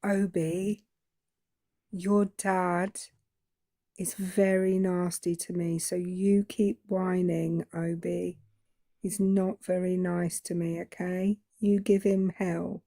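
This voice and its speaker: Slow, wry woman co-host. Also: fairly low pitch, flat delivery, warm tone, no echo, studio quality. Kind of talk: casual chat on a livestream.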